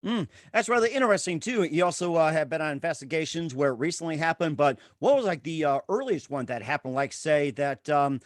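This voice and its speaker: A man's voice: a little high, a little fast, few pauses, no echo, clean studio sound. A man hosting an interview, asking long, rambling questions with many fillers. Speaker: interview host. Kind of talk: casual interview.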